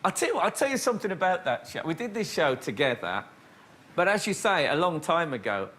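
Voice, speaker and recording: A man's voice: fairly high pitch, very animated, fairly quick. A man hosting a comedy talk show, telling jokey stories to a studio audience. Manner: jokey and playful, laughing often. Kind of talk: comic storytelling before a studio audience. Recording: loud studio audience and noise.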